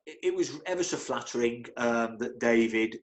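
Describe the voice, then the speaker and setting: This muffled recording captures a middle-aged man's mid-range voice at a normal pace, his intonation lively. He's a football club physio being interviewed, animatedly telling casual stories full of slips, fresh starts and little laughs.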